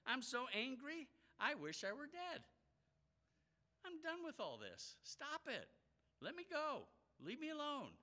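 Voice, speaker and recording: A man's voice: very high voice, wildly swooping pitch, a little slow, pushed and bright, in a large hall, voice pushed up, heavily acted. A man voicing a despairing, furious prophet who whines and pleads in a worked-up way. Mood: anguished.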